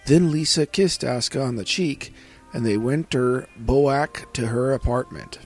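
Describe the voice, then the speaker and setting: A man narrating fan fiction aloud in an earnest, slow reading with small slips. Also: medium pitch, slightly rough, soft background music. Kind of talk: amateur audiobook narration.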